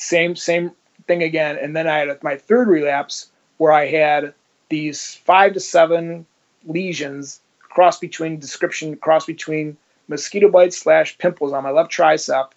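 Brief: male guest, slightly high voice, lively blunt storyteller who acts out dialogue, muffled lo-fi recording. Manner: vivid, swears, acts out dialogue. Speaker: interview guest. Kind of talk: personal storytelling. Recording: dull lo-fi sound.

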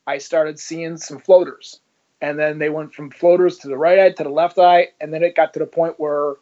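Storytelling man, slightly high voice. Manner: animated storyteller acting out quoted dialogue. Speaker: interview guest, former police officer. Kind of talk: casual storytelling. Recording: slightly muffled lo-fi audio.

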